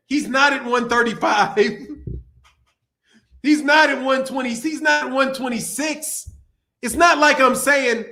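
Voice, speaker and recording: Pushed, bright, and extremely high-pitched, the man's voice carries a profane, heated rant on his boxing livestream. He laughs often and repeats himself throughout the commentary.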